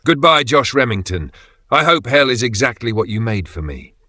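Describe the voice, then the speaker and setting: A man reading the lines of a cold, vengeful woman in a dark narrated story, delivering measured threats. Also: medium pitch, sing-song, no echo.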